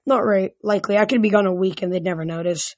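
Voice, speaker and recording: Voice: medium pitch, fairly even intonation, fast talker, no room sound, lo-fi sound, natural voice. Reader doing an earnest, insistent teen girl, plain voice, dry close sound.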